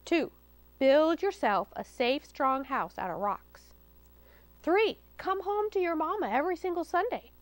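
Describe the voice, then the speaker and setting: A woman's voice: high voice, expressive, measured pace, no echo, voice pushed up. A woman voicing Mama Pig, a stern but caring mother pig in a storybook, who gives firm instructions.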